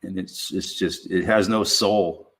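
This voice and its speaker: A man streaming a casual monologue, rambling and swearing freely, with lots of halting restarts and "you know". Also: sits low, fairly even intonation, a bit bright.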